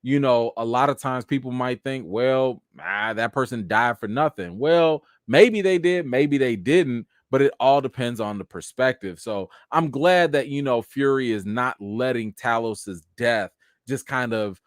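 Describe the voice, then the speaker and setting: A man's voice: medium pitch, a little slow, few pauses, no room sound, clean studio sound. A man hosting a live chat reaction and review of a TV episode, talking casually with lots of "you know" fillers. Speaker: show host and reviewer.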